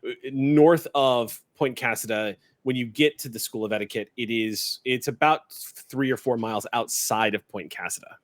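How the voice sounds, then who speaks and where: A man with a mid-pitched voice guiding players through a tabletop game, narrating in a loose, halting way with restarts. The sound is dry and close. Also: no echo. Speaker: game master.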